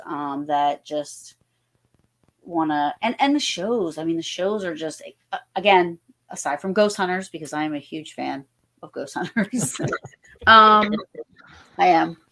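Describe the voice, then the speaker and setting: A paranormal investigator from New Jersey, USA, guesting on a podcast, spins casual, rambling stories riddled with fillers and restarts. Her voice is deep and a little mellow.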